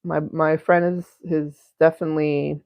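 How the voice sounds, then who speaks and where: Her voice is low and her delivery flat, at a moderate pace, as she hosts a home-studio painting stream and chats casually. She rambles, giggles, swears and often breaks off mid-thought. The sound is close, dry and dull lo-fi stream audio with no room sound.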